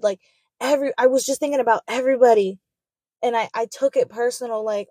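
A woman's voice: a little high, brisk, mellow, breathy edge, dry recording, studio quality. A young woman telling her personal faith testimony in an earnest, emotional way. She often repeats phrases for emphasis.

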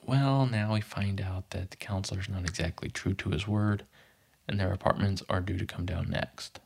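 A man's voice: sits low, vocal fry, slightly rough. A man casually recapping a TV episode, narrating scenes and briefly acting out quoted lines. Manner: animated, pops into quick character voices for quotes. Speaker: podcast host recapping a TV episode.

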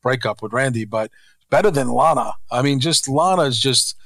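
A man's voice: medium pitch, moderate pace, gravelly, fairly bright tone, no echo. A man co-hosting a podcast, ranting bluntly and profanely in casual chat. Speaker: co-host.

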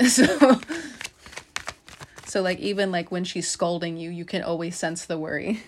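A woman's voice: lowish voice, a little slow, noisy background. Chatty young woman reading tarot cards. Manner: laughs often, loose filler-heavy talk. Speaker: podcast host doing a tarot reading.

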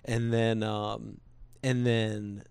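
Guy with a lowish voice, dry close sound, telling his story all earnest n rambly. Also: little pitch movement, very slow, gravelly, darkish tone, smooth, no echo. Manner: earnest, rambling with restarts, quotes voices casually. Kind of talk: casual personal storytelling.

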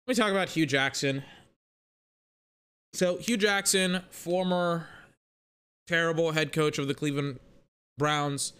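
A man's voice: fairly high pitch, a little slow, pauses often, a bit bright, clear, resonant tone. Rambling, profane young man ranting on sports. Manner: rambling, profane, self-correcting. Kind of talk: casual sports rant.

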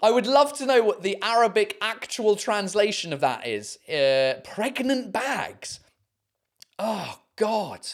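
A podcast host chatting casually on their own show, reading out listener messages. They laugh often, swear casually, and sound out French and German words slowly. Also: lively intonation. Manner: giggly and amused, bursts of high laughter, casual swearing.

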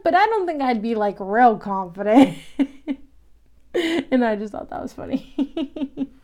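A woman casually recapping a TV episode, chatty and animated, laughing often and acting out quoted lines. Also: on the high side, smooth.

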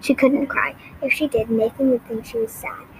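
Female reader for a novel, fairly high voice, steady and clear, faint noise behind. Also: moderate pace, rough recording. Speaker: audiobook reader. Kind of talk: reading a novel aloud.

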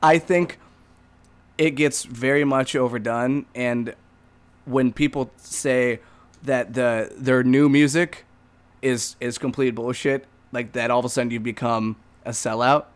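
A man co-hosting a podcast, joking and ranting in a casual, animated chat. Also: medium pitch, measured pace, smooth. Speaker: podcast co-host.

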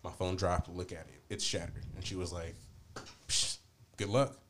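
A man's voice: deep voice, a little fast, slight background noise. A man hosting a podcast, telling a story in casual, profane talk and acting out both sides of the argument. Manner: animated, profane, quoting himself and others. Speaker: podcast host.

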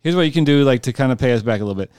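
A man riffs through a joking podcast conversation at a rapid clip, full of fillers and frequent laughter. His voice is crisp and resonant. The sound is dry and close, with no room echo. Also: medium pitch, animated, darkish tone. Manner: rambling, laughs often, many fillers. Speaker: podcast co-host. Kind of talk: casual comedic chat.

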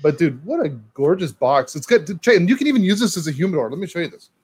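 Excitable chatty man, slightly high voice. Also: fast, husky. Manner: excitable, chatty, says "dude" and "man" a lot. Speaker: co-host reading live comments. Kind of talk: casual live-stream chat.

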